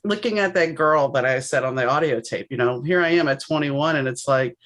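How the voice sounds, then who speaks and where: A woman's voice: a bass voice, brisk. Chatty woman host from New Orleans. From New Orleans, USA. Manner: chatty, reflective, animated storyteller. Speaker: podcast host. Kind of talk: casual interview chat.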